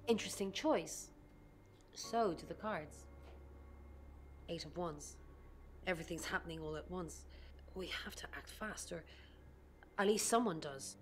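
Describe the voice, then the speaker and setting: A cryptic tarot-reading woman, voiced by an actress in a video game, her voice sitting a touch low. She speaks in a measured, knowing, teasing way. A faint hiss runs underneath. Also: close to an everyday voice. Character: cryptic woman who reads tarot cards.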